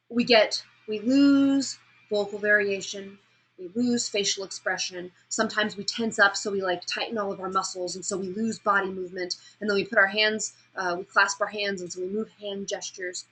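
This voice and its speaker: A woman teaching a class on public speaking, lecturing lively and demonstrating pitch and emphasis as she explains. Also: moderate pace, husky, poor audio.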